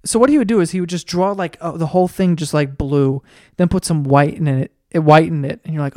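A podcast host riffing through a profane, rambling comedic monologue with animated storytelling. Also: mid-range voice, brisk, no room sound, studio quality.

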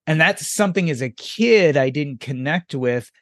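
Host guy, kinda high voice, chatty questions, dry close mic. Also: expressive, normal speed, a bit bright, no room sound. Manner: conversational, drawing out the guest. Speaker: podcast host. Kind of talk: interview questions and commentary.

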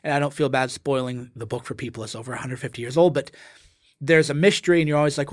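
Brief: male guest, casual and animated, acts out quoted lines, dry recording. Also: mid-range voice, fast talker, no room sound. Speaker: interview guest. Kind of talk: casual conversational explanation.

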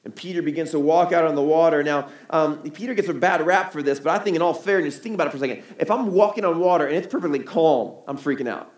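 A man's voice: fairly high pitch, fast talker, hardly any pauses. Guy preaching a sermon, chatty, keeps asking right?, echoey church hall. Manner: conversational, asks the crowd rhetorical questions. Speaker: pastor.

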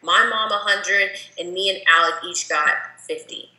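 Bright, animated woman telling stories. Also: mid-range voice, moderate pace, roomy sound, poor audio. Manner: animated storyteller, lots of "like". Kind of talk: casual chat.

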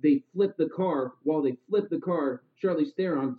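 A man's voice: a little high, moderate pace, few pauses, a little hiss or hum. A man in casual chat, rambling through a story and acting out lines in passing. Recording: phone-like narrow sound.

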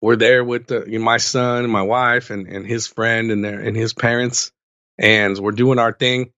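A podcast co-host on a casual sports show tells stories and rants with lots of energy, an animated ranting storyteller. His voice is medium in pitch at a moderate pace, and the recording is dry and dull.

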